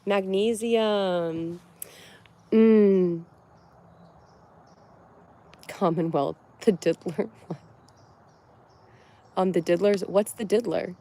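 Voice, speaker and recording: A woman's voice: fairly low pitch, a little slow, gravelly, long pauses, dark tone, breathy edge. A young woman from Connecticut hosting a casual livestream, chatting and giggling as she answers viewers' comments. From Connecticut, USA. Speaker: livestream host.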